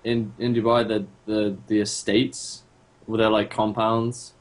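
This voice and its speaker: A man's voice: fairly low pitch, little pitch movement, unhurried. A man co-hosting a gaming podcast, telling a story in a casual, profane way with many fillers. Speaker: podcast co-host.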